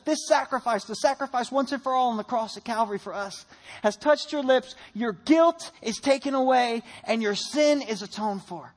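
A man's voice: very high-pitched, a little fast. A man, a pastor with a young child, preaching a sermon and telling a family story, voice rising on emphatic lines.

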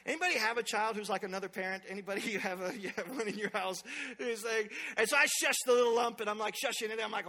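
A man in his thirties preaching a sermon as a pastor, telling lively stories with humor and calling out to the congregation. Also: very high voice, quick pace. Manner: lively storytelling with humor and call-outs to the congregation. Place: large church sanctuary. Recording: long hall reverb from a large sanctuary.

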